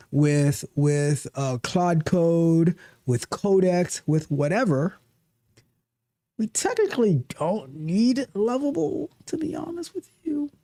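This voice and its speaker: Male livestream host. Mellow tone, casual and animated, loose repeating delivery. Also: on the high side. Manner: animated, repeats and restarts phrases. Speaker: livestream host, coding coach. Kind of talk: casual livestream chat, reading viewer comments.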